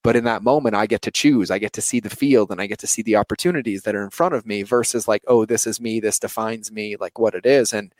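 A man's voice: on the low side, steady tone, quick pace, few pauses, no echo. Man, 30s, earnest, reflective, lots of fillers, dry recording. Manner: earnest, frequent fillers like "like" and "you know". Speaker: entrepreneur guest. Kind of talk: reflective personal interview talk.

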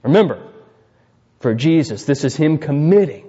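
A man of middle pitch preaching a sermon in a large hall, with a long, ringing reverb behind every phrase. He often turns to his listeners with "right?" and swings between loud, emphatic peaks and quiet, falling endings. The recording sounds dull and slightly muffled. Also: a little slow. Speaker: pastor.

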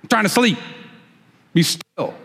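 A man's voice: high voice, lively intonation, unhurried, gravelly, bright, forceful tone, big-room sound, pitched above the performer's own voice, full character voice. A Southern man voicing a drowsy, unbothered man just woken from a nap, talking offhand. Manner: sleepy, offhand.

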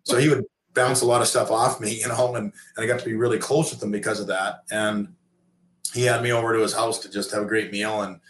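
A man's voice: lowish voice, steady tone, fairly quick, fairly bright tone, slight background noise. A man in his fifties, a former pro athlete turned coach, telling long stories casually with many fillers and restarts. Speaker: interview guest, former pro hockey player turned coach. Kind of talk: casual storytelling. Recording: echoey room.

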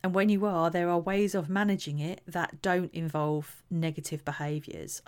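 Gentle woman giving parenting advice. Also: fairly low pitch, steady tone, normal speed, few pauses. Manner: gentle, earnest, acts out example phrases. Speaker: parenting educator. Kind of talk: talking-head advice talk.

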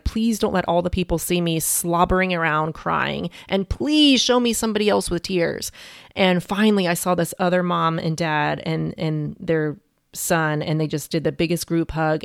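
Low gravelly woman telling a candid story. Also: no echo, clean studio sound. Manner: emotional, frank, swears casually. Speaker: podcast host and coach.

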